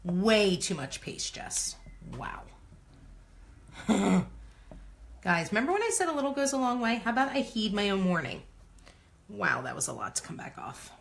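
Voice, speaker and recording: A woman's voice: medium pitch, very animated, moderate pace, vocal fry, long pauses. A woman in her thirties hosting a casual crafting tutorial, bubbly and exclamatory as she chats to viewers while she works. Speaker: craft video host.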